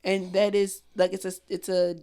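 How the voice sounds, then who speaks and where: A young woman co-hosting a podcast in casual chat, outspoken and profane, sometimes loud and animated. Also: mid-range voice, normal speed, clean tone. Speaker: podcast co-host.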